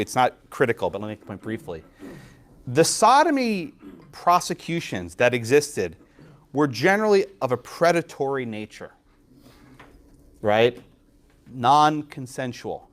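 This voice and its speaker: A man lecturing a law class, quizzing students and tagging points with quick questions. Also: medium pitch. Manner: lively, quizzes students, frequent tag questions. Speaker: law professor.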